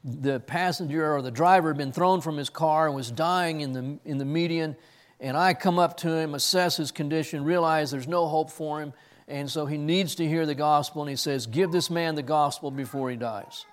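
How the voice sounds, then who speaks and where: A man's voice: a little high, steady tone, moderate pace. A man preaching an expository sermon, earnest, who often repeats words as he searches for the next ones. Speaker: pastor. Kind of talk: expository sermon with personal story.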